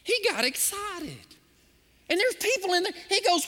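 A man's voice: extremely high pitch, normal speed, in a large hall. A man preaching a sermon as a pastor, telling stories and acting out the voices of the people in them. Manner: animated, acts out the voices in his stories. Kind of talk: storytelling sermon.

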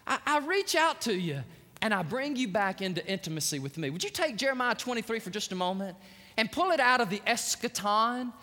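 A pastor delivers his sermon in a high, bright, forceful voice. His storytelling is energetic, with emphatic swings in loudness. A long reverb trails each phrase in the large church. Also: brisk.

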